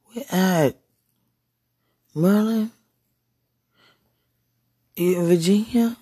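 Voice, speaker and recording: Woman, husky breathy voice, intimate monologue, slips into whispers, dry close sound. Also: low-pitched, normal speed, pauses often, a little mellow, dry recording. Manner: breathy, slips into whispers, repeated sighing exclamations. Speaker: podcast speaker.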